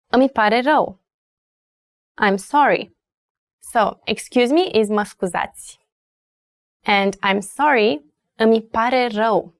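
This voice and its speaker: A Romanian-accented woman teaching a language lesson, saying words slowly and repeating them for learners. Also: medium pitch, dry recording, clean studio sound.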